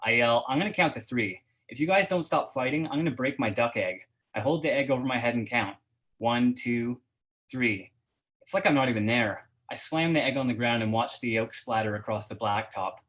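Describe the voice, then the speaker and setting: A man reading first-person fiction aloud at a reading event in a steady voice, hesitant and full of fillers when he chats. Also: mid-range voice, a little fast, rough recording. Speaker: guest reader.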